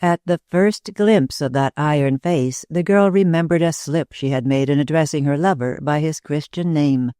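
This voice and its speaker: Narrator, measured classic-novel reading, dry close sound. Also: mid-range voice, mellow, clear, resonant tone, no room sound. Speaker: audiobook narrator. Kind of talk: scripted narration.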